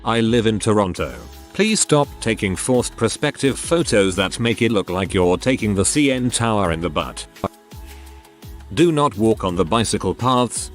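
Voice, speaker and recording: A man narrating a series of online forum posts in a wry, deadpan way. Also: fairly low pitch. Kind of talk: scripted narration.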